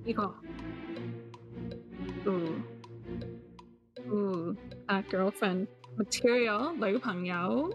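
A woman's voice: mid-range voice, very slow, long pauses, lo-fi sound. A woman hosting a live online quiz lesson, teasing and joking with players, switching between English and Cantonese with a Cantonese accent. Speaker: quiz host and teacher. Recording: music playing behind the voice.

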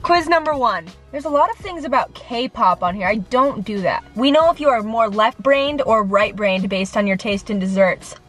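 A young woman with a fairly high voice chats to camera in a rambling, self-deprecating way, nervous and sweaty. She talks from a room at home with faint music underneath. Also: lively intonation, normal speed, hardly any pauses, a bit bright. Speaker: vlogger. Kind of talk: casual chat to camera.

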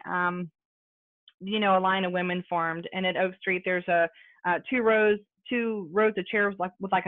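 Over tinny, phone-like video call audio with no echo, a medium-pitched American woman shares her recovery story at a support meeting. She speaks conversationally, sprinkling in plenty of fillers and asides as she gives her personal testimony.

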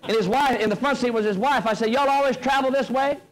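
A middle-aged man telling a funny story to an audience, folksy and animated, with comic timing. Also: very high-pitched, fast talker, rough recording. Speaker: motivational speaker. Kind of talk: humorous storytelling speech. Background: audience laughter.

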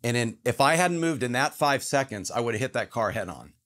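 A man's voice: medium pitch, expressive, fairly quick, a bit bright. Earnest man telling a personal story. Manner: earnest, emphatic, acts out quotes in his story. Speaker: guest, actor. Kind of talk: casual storytelling in conversation.

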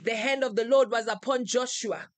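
A woman's voice: a little high, moderate pace, no echo. A woman preacher leading a live prayer session, fervently calling out names and declarations in rhythmic, repeated phrases. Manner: repetitive, rhythmic calls.

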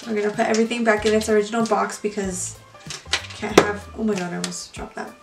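A young woman chatting casually to her viewers as she unboxes beauty products, gushing and excitable. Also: medium pitch, fast, vocal fry. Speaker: beauty vlogger. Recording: echoey room, mic far off, music behind.

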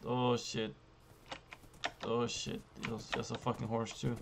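A young man giving profane, frustrated commentary while playing a survival game, jumping between loud outbursts and low muttering. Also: steady tone, normal speed, long pauses, noisy background. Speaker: gaming YouTuber. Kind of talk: profane live gameplay commentary.

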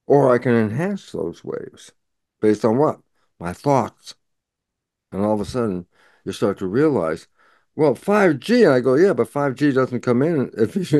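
A man's voice: mid-range voice, a little mellow, dry recording, clean studio sound. A man speaking as a guest scientist in an interview, explaining at length and acting out imagined back-and-forth dialogue.

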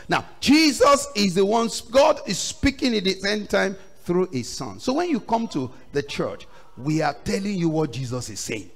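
A man preaching a sermon, swinging from loud outbursts to low drops and acting out voices in his stories. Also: big pitch swings, normal speed. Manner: acts out quoted voices in the story. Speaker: pastor.

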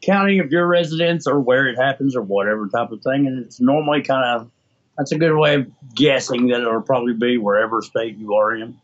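A man talks in a rambling, emotional way, full of restarts, as an interview guest. His voice sits at a middle pitch, and the audio is slightly dull and lo-fi. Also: brisk. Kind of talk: casual interview conversation.

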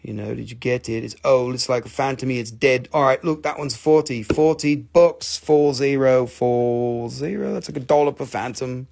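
A man's voice: medium pitch, fairly even intonation, brisk, vocal fry, hardly any pauses, a little mellow. A man hosting a live crystal sale, rambling and joking with crude humor and playful put-on voices. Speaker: host selling crystals on a live stream. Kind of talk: casual live sales chat.

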